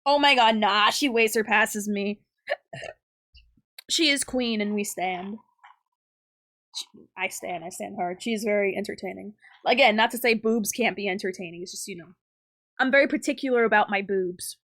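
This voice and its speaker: A woman's voice: medium pitch, normal speed, a bit bright. A young adult woman streaming live, rambling in crude, giggly banter with her chat. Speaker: livestreamer.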